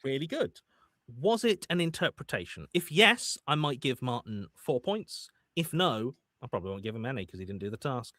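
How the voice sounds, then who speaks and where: A man hosting a live charity game show, excitable and full of stammering restarts. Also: mid-range voice, moderate pace, dry recording, clean studio sound.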